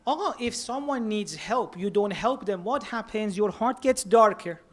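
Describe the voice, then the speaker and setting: A man's voice: sits high, animated, normal speed, fairly bright tone. Earnest man preaching. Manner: earnest, mixes Persian words into English. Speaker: speaker at a religious centre. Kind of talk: sermon.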